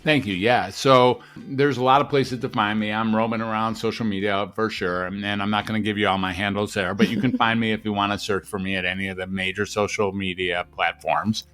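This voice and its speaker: A man's voice: on the low side, fairly even intonation, a little fast, hardly any pauses, fairly bright tone, soft background music. A man who is a psychiatrist, speaking as a guest in a podcast interview, emphatic and rhetorical, repeating phrases for effect.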